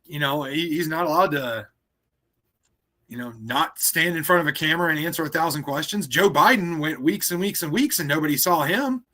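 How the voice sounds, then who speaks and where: Male co-host with a bright, fairly high voice, emphatic and opinionated. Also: brisk. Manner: emphatic, dismissive of rumors. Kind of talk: casual political chat.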